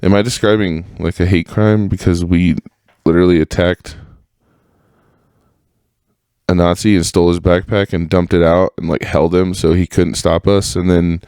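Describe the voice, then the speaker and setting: Young male podcast host, low voice, dry close sound, profane rambling storyteller. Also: flat delivery, normal speed, a little mellow, smooth, no room sound. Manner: profane, rambling, full of fillers and self-corrections. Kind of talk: casual storytelling monologue.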